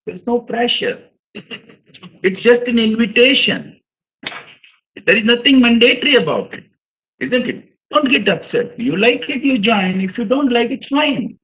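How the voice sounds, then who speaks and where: A man voicing a cool, smooth-talking gentleman making an indecent offer in a told story, calm and coaxing. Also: very high voice, unhurried, voice pushed up, exaggerated voice, poor audio.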